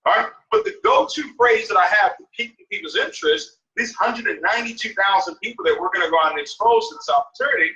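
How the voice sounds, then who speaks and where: A man's voice: high voice, very animated, fast talker, few pauses, bright, forceful tone. A man coaching on a mentorship call, emphatic and repetitive, often checking in with "right?". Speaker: network marketing mentor. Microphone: phone or conference call. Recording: dull, echoey, far from mic.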